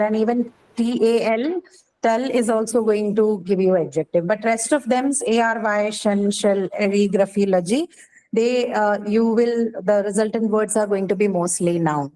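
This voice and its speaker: A woman's voice: medium pitch, normal speed, dark tone, poor audio. A woman teacher giving a lecture, explaining step by step and often checking in with her students. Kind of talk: classroom lecture.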